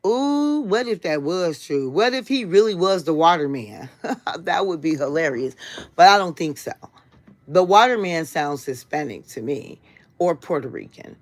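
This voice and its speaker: A woman's voice: fairly low pitch, lively intonation, unhurried. An American woman hosting a casual livestream, talking straight to her viewers in a blunt, heated and profane way. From United States. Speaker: livestream host.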